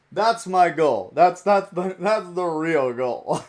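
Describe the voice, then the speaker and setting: A young man with a fairly high voice chats casually on a stream while he opens trading cards. He rambles in a playful way and laughs often. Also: a little mellow. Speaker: card-opening streamer.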